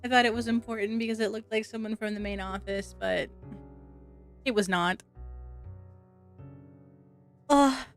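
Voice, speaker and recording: A woman streamer reading a story game aloud, with animated, chatty asides to her viewers. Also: mid-range voice, fairly quick, soft background music. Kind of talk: reading a visual novel aloud to chat.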